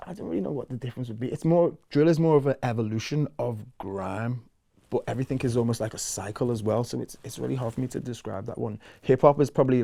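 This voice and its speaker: A man, chatting casually as a musician guest in an interview, relaxed and loose with lots of fillers. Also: on the low side, gravelly.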